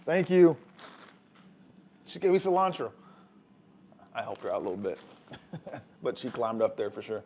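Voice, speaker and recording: A young man chats in a relaxed way to viewers while cooking at home for his family vlog. He speaks at a mid-range pitch and moderate pace with frequent pauses, in a rough recording.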